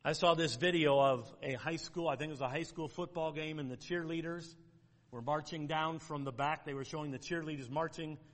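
A man's voice: a little high, fairly even intonation, fairly quick. Folksy preacher man in a reverberant hall. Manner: folksy, outline-driven preaching with quoted scripture. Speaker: pastor. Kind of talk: sermon.

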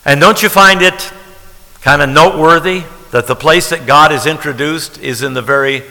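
A man's voice: fairly high pitch, moderate pace, gravelly, sharp tone, in a large hall, low-quality recording. A man preaching a sermon as pastor, talking in a conversational way and repeating key phrases for emphasis.

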